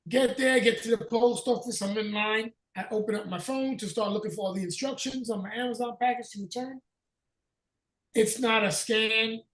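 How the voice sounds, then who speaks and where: A man with a Northern US accent telling a profane, animated story in casual chat on a video call. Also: high voice, roomy sound, distant mic. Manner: profane, animated storyteller who acts out dialogue. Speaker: podcast host.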